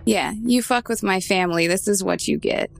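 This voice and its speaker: A woman plays a tabletop game, chatting casually and turning tough when she talks as her character. Her voice is full of gravel and fry, and soft music plays underneath. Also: mid-range voice, moderate pace. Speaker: player.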